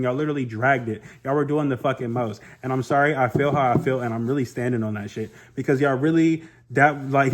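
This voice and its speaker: A young man with a medium-pitched voice reviews a reality show in a loose, opinionated way. He talks bluntly, peppers his speech with slang and curses, and keeps the energy up. The recording has a noticeably echoey room sound. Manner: blunt, animated, swears freely, slangy. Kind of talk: casual opinionated commentary.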